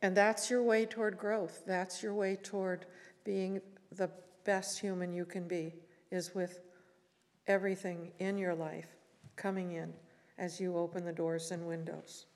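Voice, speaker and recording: A woman giving a reflective talk at a morning service and reciting poetry, gentle and unhurried, with long pauses between phrases. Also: fairly low pitch, little pitch movement. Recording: reverberant hall.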